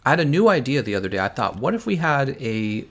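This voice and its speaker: A man's voice: mid-range voice, big pitch swings, fast talker, a bit bright. Rambling man chatting on a game stream. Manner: rambling, thinks aloud, reads and answers chat. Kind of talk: casual live-stream chat while gaming.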